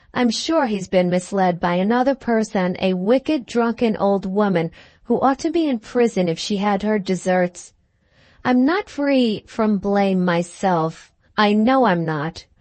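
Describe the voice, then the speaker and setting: A woman's voice: mid-range voice, dry recording, natural voice. A woman reading an anxious young maidservant. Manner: hesitant and apologetic, addressing a gentleman as sir.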